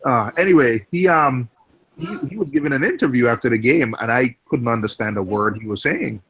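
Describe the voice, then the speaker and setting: A man's voice: medium pitch, fairly quick, fairly bright tone, dull audio. A man from Jamaica in a casual group chat, rambling and restarting his sentences.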